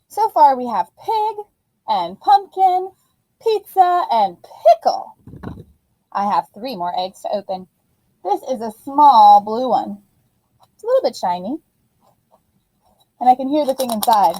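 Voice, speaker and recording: A woman teacher giving a phonics lesson to young children in an animated, sing-song voice. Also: a little high, no room sound, low-quality recording.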